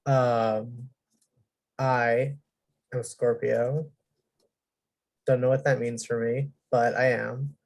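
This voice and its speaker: A laid-back man introducing himself as a game contestant, hesitant and filling pauses. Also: medium pitch, little pitch movement, creaky, darkish tone. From Washington, US.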